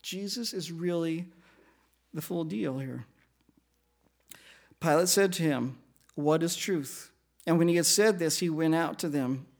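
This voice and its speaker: A man's voice: a little high, measured pace, gravelly, long pauses. A man preaching a verse-by-verse sermon, reading scripture aloud and explaining it, asking his listeners questions and acting out the speakers in quotes. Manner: acts out the speakers in quotes with shifting pace and loudness. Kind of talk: sermon, verse-by-verse Bible teaching.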